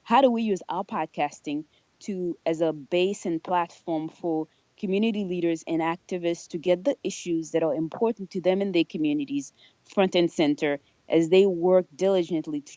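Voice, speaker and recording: A woman's voice: low voice, moderate pace, dark tone, no echo, dull audio. Middle-aged woman, podcast guest, reflective and earnest, dry close sound. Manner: earnest, reflective, rhetorical "right?" tags. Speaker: podcast guest, nonprofit leader. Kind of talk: casual podcast conversation.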